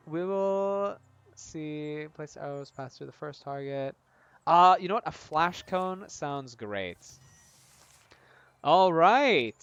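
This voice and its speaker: A man's voice: a little high, fairly bright tone, no room sound. A man narrating a tabletop-style video game on a live stream, chatty and self-mocking.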